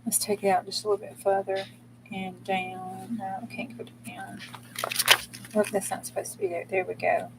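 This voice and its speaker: A woman's voice: medium pitch, little pitch movement, normal speed, creaky, heavy background noise. A woman chatting bluntly and casually while she crafts on her channel, cursing mildly as she works. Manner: folksy, blunt, mild cursing, talks while working. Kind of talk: casual crafting livestream chat.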